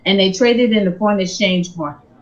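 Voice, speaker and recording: A woman giving a sermon-style personal testimony, telling her story in an animated, emphatic way. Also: medium pitch, fast, dull audio. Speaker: speaker on faith and finances.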